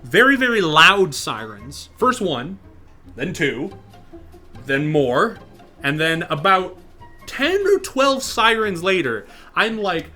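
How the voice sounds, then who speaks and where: A young man casually telling a funny personal story, acting out the people in it with a louder raised voice, over faint background music. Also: high voice, slow. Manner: animated, acts out quotes in louder raised voice. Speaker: storyteller and channel host. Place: online virtual social space.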